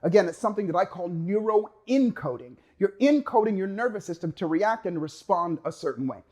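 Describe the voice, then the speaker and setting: A man giving a motivational talk, energetic and emphatic, acting out the voice of a worried mind and stretching key words for effect. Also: sits high. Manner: energetic, acts out inner voices, drawn-out emphasis. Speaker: motivational speaker.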